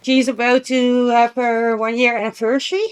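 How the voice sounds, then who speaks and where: A woman's voice: fairly high pitch, flat delivery, moderate pace, slight background noise. A sleepy woman streamer chatting casually with her live chat, giggling often and cooing to her pet. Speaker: Twitch streamer.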